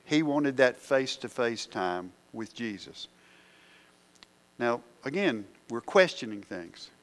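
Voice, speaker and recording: A man's voice: mid-range voice, animated, slow pace. A man preaching a sermon, asking the congregation questions as he works through the verses.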